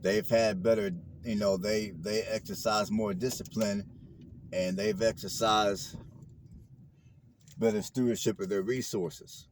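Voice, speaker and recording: A man with a lowish voice lectures in loose street slang, circling back to the same lines again and again. He talks from inside a moving car, and road noise hums clearly under him. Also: fairly even intonation, measured pace. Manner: preachy, repeats phrases, street slang. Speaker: vlogger. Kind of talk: casual talk while driving.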